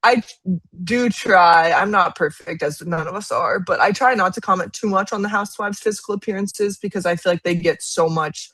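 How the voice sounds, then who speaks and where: A woman's voice: medium pitch, normal speed, a bit bright, no room sound. A young woman co-hosting a casual podcast chat, rambling with plenty of "like" fillers and laughing often. Her voice sits in a middling register and sounds close and dry, with no room around it. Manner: chatty, lots of "like", laughs often. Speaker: podcast co-host.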